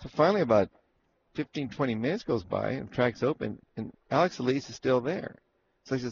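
Gravelly man spinning rambling racetrack yarns. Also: medium pitch, expressive, a little fast, darkish tone, muffled recording, a little hiss or hum. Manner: rambling anecdotes with acted-out quotes and restarts. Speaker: racehorse trainer telling stories. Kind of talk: casual storytelling interview.

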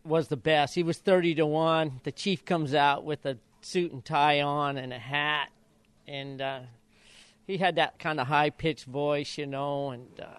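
An older man from Idaho, a retired jockey, telling stories in an interview and acting out quotes in high voices. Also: clean tone, no room sound. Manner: animated storyteller, acts out quotes in high voices. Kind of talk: storytelling interview.

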